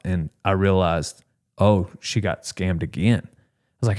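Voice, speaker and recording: A man's voice: low-pitched, fairly even intonation, moderate pace, a little mellow. A man hosting a podcast, telling a story in casual chat and acting out the quotes with big jumps in his voice. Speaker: podcast host.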